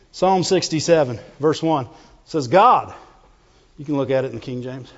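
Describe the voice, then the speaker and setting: A man preaching a fervent sermon, repeating phrases and calling out to his congregation. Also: high-pitched. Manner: fervent, repetitive call-and-response preaching. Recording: dull lo-fi sound with long hall reverb.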